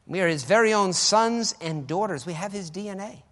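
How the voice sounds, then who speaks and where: A man preaching a sermon with fervor, swinging between loud exclamations and quiet asides. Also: high voice, lively intonation, a little fast, hardly any pauses. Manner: fervent, swings between shouting and soft asides. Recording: echoey hall with long reverb.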